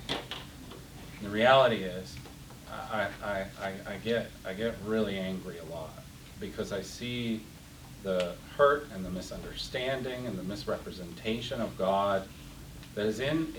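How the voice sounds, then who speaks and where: A man's voice: fairly low pitch, moderate pace. A middle-aged man teaching an interactive Bible class, passionate, getting worked up and repeating words. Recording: roomy, distant, faint hiss.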